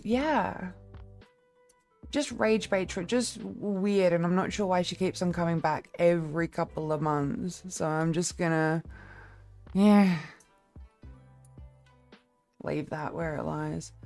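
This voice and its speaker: A woman streamer chatting casually with her viewers, blunt and candid, with a lower-toned voice and a quick laugh. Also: darkish tone. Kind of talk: casual live-stream chat.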